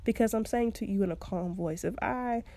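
A woman's voice: mid-range voice, a little fast, dark tone, no echo. A young woman hosting a podcast, giving casual advice in a chatty way and laughing often. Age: young adult. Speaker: podcast host.

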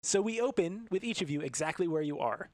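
A man's voice: sits high, expressive, a little fast, dry recording, clean studio sound. Upbeat man narrating as game master. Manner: upbeat, laughs between descriptions. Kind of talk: narrating a tabletop game on a podcast.

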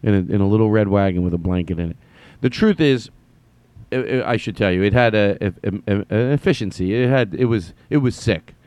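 A man hosting his own podcast, telling a rambling, self-deprecating comic story with halting restarts. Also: on the low side, darkish tone, dry recording. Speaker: podcast host.

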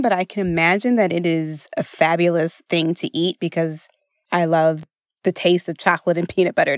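An American woman hosting a solo podcast as a weight-loss coach, chatty and expressive, often laughing as she talks. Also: lowish voice, dry recording, studio quality.

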